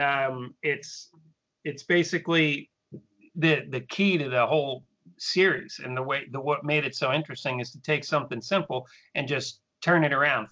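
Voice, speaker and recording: Bright-voiced man co-host, lo-fi call. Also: medium pitch, creaky. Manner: thoughtful, hedging with "you know". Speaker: podcast co-host. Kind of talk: casual chat. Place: home, remote call. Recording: lo-fi internet call audio.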